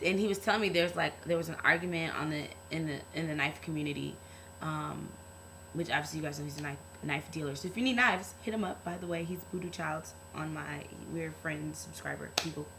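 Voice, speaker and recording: A woman's voice: deep voice, sharp tone, slight background noise, poor audio. A young woman talking to camera in a casual vlog, earnest and heartfelt, rambling with lots of fillers. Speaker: vlogger.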